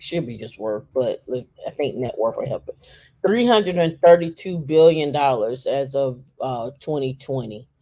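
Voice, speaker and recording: A co-host in casual talk while browsing on a shared screen, halting and thinking aloud with many fillers and restarts. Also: medium pitch, expressive, mellow.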